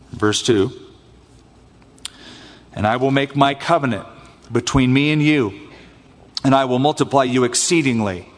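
A man preaching a sermon as pastor, expressive and acting out scripture voices. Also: mid-range voice. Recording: long hall reverb.

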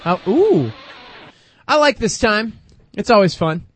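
A man's voice: high-pitched, big pitch swings, slow pace, a bit bright, dry recording. A man co-hosting a call-in radio show, upbeat and loose, laughing often between calls. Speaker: radio co-host. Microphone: studio microphone.

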